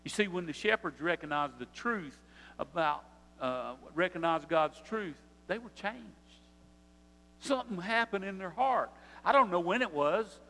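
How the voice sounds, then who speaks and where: A man's voice: high-pitched, expressive, unhurried, pushed and bright, in a large hall, slight background noise. An older man, preaching a sermon with rising emphasis and repetition. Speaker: pastor.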